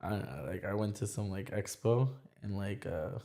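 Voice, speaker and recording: A man's voice: fairly low pitch, moderate pace, vocal fry, warm tone. A young man talking as a podcast guest in casual chat, rambling with many restarts. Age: young adult.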